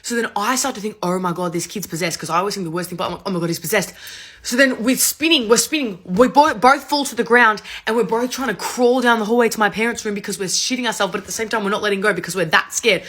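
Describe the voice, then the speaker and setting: A woman, rapidly and animatedly retelling a story in a casual, swearing, rambling way. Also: a little high, a bit bright.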